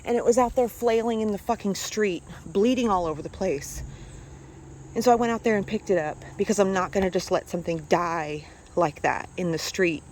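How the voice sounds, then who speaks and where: Recording a personal vlog on her phone outdoors near her house, a woman vents, angry and hurt, with insects chirping and slight background noise. Her medium-pitched, slightly mellow voice runs a little fast as she swears and keeps repeating the same points.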